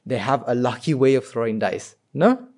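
A man's voice: mid-range voice, sing-song, moderate pace, a little mellow. Man giving a talk full of rhetorical questions. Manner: rhetorical questions, many restarts. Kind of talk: informal spoken talk to an audience.

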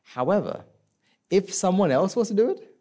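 A man giving a conversational Buddhist dharma talk, often asking the listeners questions and acting out inner voices in a soft, low tone. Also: sing-song, moderate pace. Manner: conversational, asks the audience rhetorical questions. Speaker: Buddhist teacher.

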